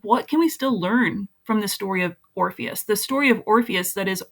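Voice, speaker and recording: A woman's voice: medium pitch, moderate pace, gravelly. A woman teacher walking other teachers through her lesson slides in a casual, explanatory way, with frequent ums and uhs.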